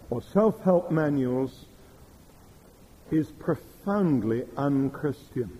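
A middle-aged man preaching a sermon, telling stories in a measured way. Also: fairly high pitch, dark tone, rough recording. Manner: measured storytelling with quoted Russian phrases.

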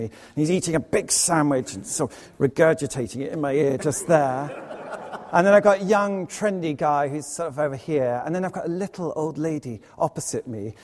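A man's voice: on the high side, darkish tone, big-room sound. Earnest male lay preacher, ringing church. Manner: earnest, storytelling, with quick asides. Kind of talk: sermon with an anecdote. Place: church, evening service.

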